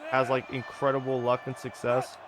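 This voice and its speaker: A man casually commentating his own football video game run, offhand and swearing, with sudden excited outbursts. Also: mid-range voice, moderate pace, noisy background. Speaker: gaming channel host. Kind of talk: casual let's-play commentary.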